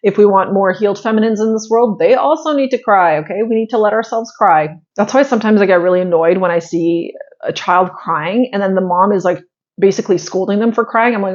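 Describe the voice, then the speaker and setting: A woman's voice: mid-range voice, expressive, a little fast. Woman in her 30s, spiritual host, chatty heartfelt pep talk to viewers, blunt now and then, slightly dull lo-fi sound. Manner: chatty, heartfelt, full of "like" fillers, blunt with swearing. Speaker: spiritual astrology channel host.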